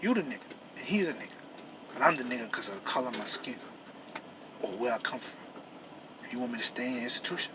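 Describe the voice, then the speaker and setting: A truck driver talking straight to camera in a heated, profane rant that keeps repeating and restarting itself. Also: male voice, medium pitch, lively intonation, fast talker, pauses often, background noise. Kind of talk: angry personal rant to camera.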